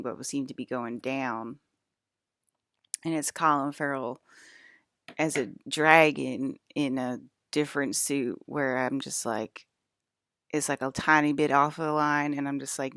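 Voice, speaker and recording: A young woman with a notably low-pitched voice talks straight into a close mic in a dead, dry room. She rambles with lots of fillers, swears freely and keeps working herself into irritation. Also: fairly bright tone, no room sound. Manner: profane, agitated, rambling with many fillers. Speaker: vlogger. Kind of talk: rambling monologue about dreams.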